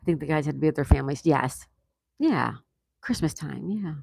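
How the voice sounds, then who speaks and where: A man's voice: fairly high pitch, animated, brisk, creaky, a little mellow, slightly rough, no echo. A man hosting a casual livestream, reading viewer comments aloud and reacting with easy laughs. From United States. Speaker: livestream host reading chat. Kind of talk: casual live chat.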